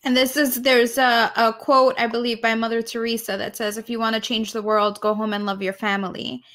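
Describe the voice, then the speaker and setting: A woman's voice: a little high, flat delivery, brisk. A woman co-hosting a podcast, chatting openly and effusively, often laughing as she talks. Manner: warm, gushing, laughs often. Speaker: podcast co-host. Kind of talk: casual podcast conversation.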